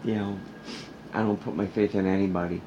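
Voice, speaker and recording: A man's voice: low voice, fairly even intonation, brisk, dull audio, noisy background. A man chatting casually at home, laid-back and blunt, with mumbled asides. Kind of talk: casual chat.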